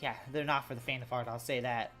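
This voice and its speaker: A woman's voice: very deep voice, fairly even intonation, fast, fairly bright tone, soft background music. A young woman streaming a game live, chatting loosely with viewers, cursing often and calling everyone bro. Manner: loose, profane and jokey, addressing chat as bro. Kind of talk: casual live-stream chat.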